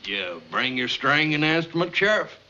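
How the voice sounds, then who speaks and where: A man's voice: a little high, very animated, moderate pace, pushed and bright, heavily acted. An actor playing an easygoing, folksy man in an old TV comedy clip. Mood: jovial. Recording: dull old TV clip with faint hiss.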